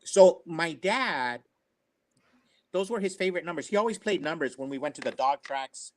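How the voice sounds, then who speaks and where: An older man tells family stories in an earnest, rambling manner, circling back and repeating himself as he goes. His voice sits slightly on the high side. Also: lively intonation, fast, slight background noise. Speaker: storyteller on a family talk show. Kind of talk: casual personal storytelling.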